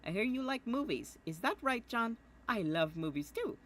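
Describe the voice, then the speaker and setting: A woman's voice: a little high, very animated, moderate pace, pitched above the performer's own voice. Woman doing a jolly old-timey adventurer boy. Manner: hearty, folksy and exclaiming. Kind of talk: reading a comic letter aloud in character.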